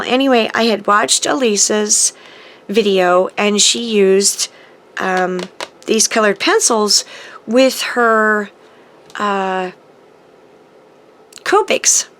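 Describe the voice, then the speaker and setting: A woman's voice: mid-range voice, fairly bright tone. Chatty woman gushing over craft mail. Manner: chatty and gushing, with frequent ums and restarts. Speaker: papercrafting channel host. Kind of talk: casual happy-mail chat to camera.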